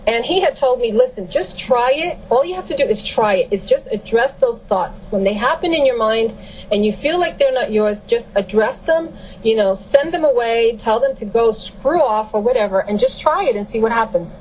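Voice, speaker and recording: Woman guest, higher voice, emphatic storyteller, slight noise under the voice. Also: expressive, moderate pace, darkish tone, poor audio. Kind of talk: casual storytelling.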